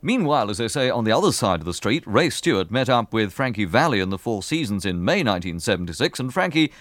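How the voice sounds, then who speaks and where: Dry, low-voiced radio presenter. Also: male voice, big pitch swings, fairly bright tone, no echo. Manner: brisk, plain introductions. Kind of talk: radio link announcing.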